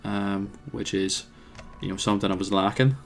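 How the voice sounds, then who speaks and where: A man's voice: fairly low pitch, steady tone, normal speed, faint music behind. A man commentating his own strategy game, thinking aloud with plenty of hesitations and wry asides. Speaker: let's play host.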